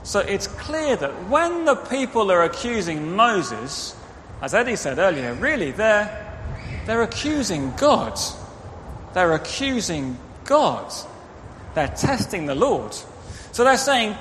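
Male preacher, high lively voice, children's talk, reverberant church. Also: normal speed, a little hiss or hum. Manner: animated, directs children, acts out quotes. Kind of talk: interactive children's sermon. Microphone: microphone. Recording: reverberant hall, faint ambience.

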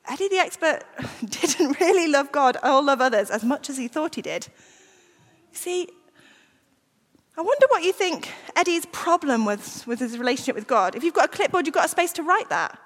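Animated high-voiced woman leading an all-age church talk. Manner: lively, animated, coaxing children to join in. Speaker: children's talk leader. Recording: church hall reverb.

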